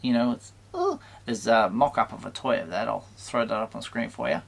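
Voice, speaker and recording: Gravelly-voiced man with a halting delivery. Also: medium pitch. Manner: hesitant, halting, with many restarts; mildly exasperated, conflicted. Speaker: toy channel host reviewing a film. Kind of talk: casual spoken review to camera.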